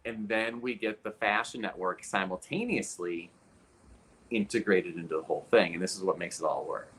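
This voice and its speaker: A man in his forties speaks as an interview guest in a fairly low voice. He tells his own story with energy and demonstrates the movements with his arm and hand. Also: normal speed, a bit bright. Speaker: guest expert.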